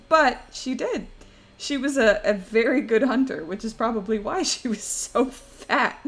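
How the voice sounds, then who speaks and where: A woman's voice: high-pitched, animated, unhurried. A young woman streaming live, chatting casually and rambling through stories, often breaking into laughter. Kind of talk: casual chat to a live audience.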